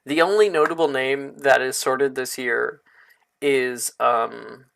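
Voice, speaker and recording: A man narrating as game master of a tabletop game, unhurried and drawn out, with frequent fillers. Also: medium pitch, steady tone, creaky, fairly bright tone.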